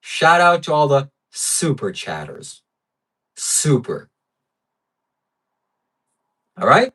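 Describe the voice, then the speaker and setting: A man's voice: on the high side, big pitch swings, unhurried, sharp tone, distant mic. A man hosting a livestream, reading viewer donations in blunt, brash, profane casual chat. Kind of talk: casual live-stream chat.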